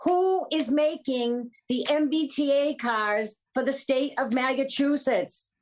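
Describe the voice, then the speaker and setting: Emphatic high-voiced woman guest. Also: slow, slight background noise. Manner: emphatic, repeats her points. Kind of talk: political talk show chat.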